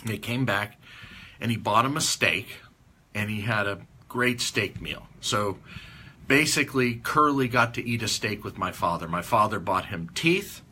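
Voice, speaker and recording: A man's voice: fairly low pitch, pushed and bright. A man giving a conference talk, telling a folksy, rambling story in an anecdotal style. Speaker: conference speaker.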